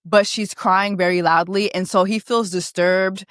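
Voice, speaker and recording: Animated, profane woman recapping a show. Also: medium pitch, a little slow, no room sound, studio quality. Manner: animated, profane, laughing asides. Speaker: reaction vlogger. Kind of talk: casual reality-show recap.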